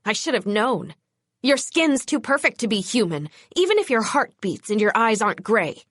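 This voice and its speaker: A desperate male vampire snarls threats through his teeth, his voice pitched up a touch, as a woman puts him on. The recording is dry and close. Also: very animated, moderate pace, fairly bright tone, dry recording. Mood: hissing. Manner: menacing then pleading. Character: cornered male vampire killer, hissing and desperate.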